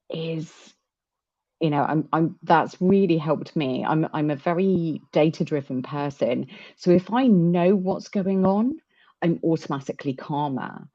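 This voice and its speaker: A woman with a low voice talks openly in a casual chat, stumbling and restarting as she goes. The recording sounds dull and lo-fi. It is also dry, with no room sound. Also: dark tone, no room sound. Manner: candid, halting, many restarts.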